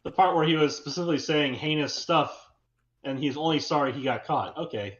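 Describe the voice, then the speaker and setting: A man's voice: fairly high pitch, fairly quick, echoey room, lo-fi sound. A man co-hosting a podcast, cracking wry jokes in casual banter. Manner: wry, joking interjections. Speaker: podcast co-host.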